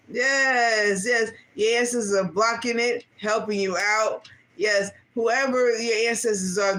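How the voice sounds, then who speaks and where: Slow-talking woman doing a tarot reading. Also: medium pitch, fairly bright tone. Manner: slangy, repeats "yes, yes" and asks Spirit aloud; laughs between card readings. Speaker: tarot reader.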